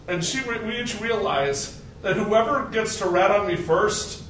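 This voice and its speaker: High, bright man telling a story. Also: a little slow, slight background noise. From Arkansas, USA. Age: 40s. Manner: animated, laughing at his own story. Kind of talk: live personal storytelling. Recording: echoey hall, mic at a distance.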